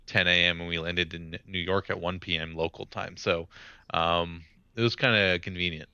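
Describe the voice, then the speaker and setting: A man's voice: deep voice, steady tone, moderate pace, pushed and bright, smooth, no room sound. A young man co-hosting a podcast, rambling through casual chat with lots of fillers. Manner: rambling, hesitant with many fillers. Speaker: podcast co-host. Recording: dull lo-fi mic, dry.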